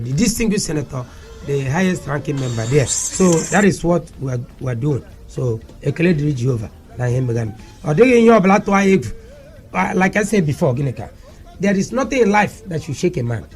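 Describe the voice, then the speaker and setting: A man with a Nigerian Igbo accent, a guest on a radio talk show, speaking passionately and switching languages. He repeats his points and rises to shouts. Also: medium pitch. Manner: fiery, repeating lines and rising to shouts. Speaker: media aide to a senator, studio guest. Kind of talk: impassioned radio talk, mixing English, Pidgin and Igbo. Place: radio studio.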